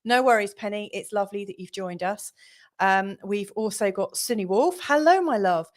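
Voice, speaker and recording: A woman's voice: medium pitch, steady tone, moderate pace. A middle-aged woman hosting a live astrology show, chatting casually with many ums and apologies. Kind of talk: casual livestream chat.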